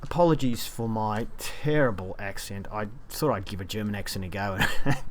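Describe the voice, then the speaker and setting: A man's voice: lowish voice, animated, moderate pace, slight background noise. A man reviewing a video game, chatty and self-deprecating, with casual fillers. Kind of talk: gameplay commentary.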